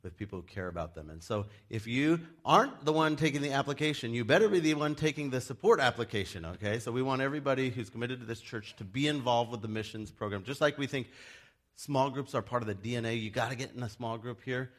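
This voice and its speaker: A man's voice: expressive, quick pace. Chatty male pastor preaching casually. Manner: chatty and joking, acts out quoted people in loud high voices. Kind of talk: casual sermon.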